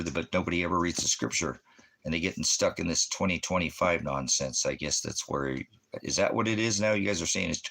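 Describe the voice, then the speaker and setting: A male preacher in a ranting monologue, with a lowish voice and a bright, forceful edge. He argues combatively and fires off one rhetorical question after another.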